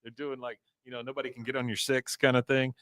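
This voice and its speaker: A man's voice: medium pitch, little pitch movement, fast talker, fairly bright tone, no echo. A man co-hosting a live podcast, casually retelling a cartoon episode and tossing off the characters' lines as he goes. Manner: retells scenes, quoting characters in a loose voice. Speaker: podcast co-host.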